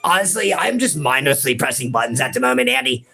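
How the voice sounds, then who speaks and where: A man with a bright, edgy voice riffs through a game playthrough, teasing his co-host and cursing freely. Soft music runs low beneath him. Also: lively intonation, quick pace, vocal fry. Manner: teasing, profane, keeps saying the other host's name. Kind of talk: casual let's-play banter.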